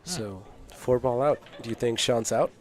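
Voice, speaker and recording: A man's voice: medium pitch, normal speed, a little hiss or hum. A man giving casual live-stream commentary on a pool match, easygoing and laughing along with his co-hosts.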